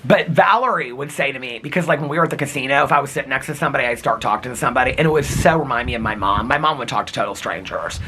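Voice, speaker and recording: A man's voice: medium pitch, very fast, hardly any pauses, noisy background. A man vlogging in casual, rambling storytelling, chatty and openly personal.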